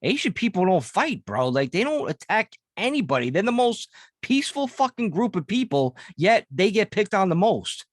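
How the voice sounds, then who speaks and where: A man's voice: sits high, sing-song, normal speed, dry recording, clean studio sound. A man co-hosting a casual podcast, chiming in with quips and laughs. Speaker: podcast co-host.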